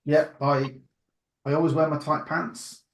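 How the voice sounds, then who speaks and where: A man's voice: fairly high pitch, level tone, unhurried, slight background noise. Rambling man on a video call. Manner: rambling, restarts often, laughs easily. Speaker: meeting host. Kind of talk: casual video call chat.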